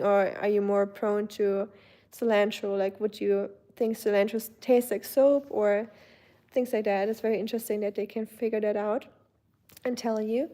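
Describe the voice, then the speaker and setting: A young German woman with a German accent, casually chatting on her livestream and answering viewer comments. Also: mid-range voice. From Germany, Baden-Württemberg. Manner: chatty, warm greetings to viewers, many fillers. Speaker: livestream host. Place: home.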